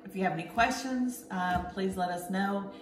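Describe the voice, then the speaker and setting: A woman's voice: medium pitch, moderate pace. A woman hosting a casual cooking demo, chatty and a bit bossy as she gives step-by-step instructions in her home kitchen. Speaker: cooking show host. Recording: echoey kitchen with clear background noise.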